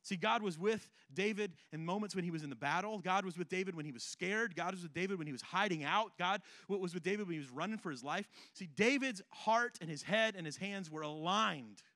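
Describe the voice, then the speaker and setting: A man with a fairly high voice preaches a sermon, recorded close and dry. He reads scripture, then riffs on it in an easygoing, humorous style, checking in with the congregation as he goes. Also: a little fast, pushed and bright, no echo. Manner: conversational and humorous, often checking in with "right?". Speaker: pastor.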